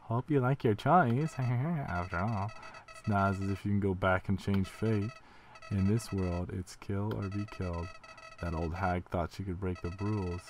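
A man voicing a creepy, sneering flower monster from a video game, speaking in a low menacing whisper. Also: measured pace, a little mellow, faint music behind. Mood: gloating.

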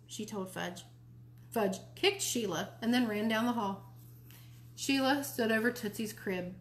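A woman reading a children's novel aloud for a library, in a lively, expressive way. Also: on the high side, measured pace. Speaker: library storytime reader. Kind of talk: read-aloud storybook narration.

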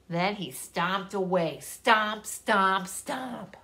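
A woman's voice: medium pitch, slow. A woman reading a children's story aloud and talking directly to the children listening. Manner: animated, talks directly to children.

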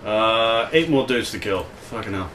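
A man's voice: on the low side, expressive, normal speed, fairly bright tone, recorded from a distance. A young Australian man chatting casually while gaming, rambling and swearing often with lots of filler words. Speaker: let's play co-host. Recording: roomy echo, off-mic, faint hiss.

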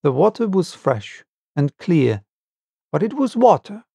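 Slow, gravelly male audiobook narrator. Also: fairly high pitch, sing-song, mellow, no room sound. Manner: slow, deliberate reading. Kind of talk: unabridged audiobook reading.

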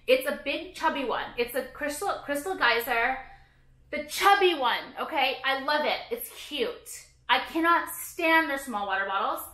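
A woman's voice: high-pitched, pushed and bright, roomy sound. A woman vlogging casually, ranting about products with heavy swearing, sarcasm and lots of "like". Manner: profane, sarcastic, frequent "like".

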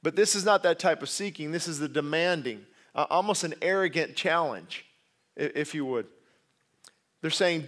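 A man's voice: a little high, moderate pace. A man preaching a sermon, emphatic and repeating key words, with conversational asides and self-corrections. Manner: emphatic, repeats key words, grows louder when stressing points. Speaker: pastor.

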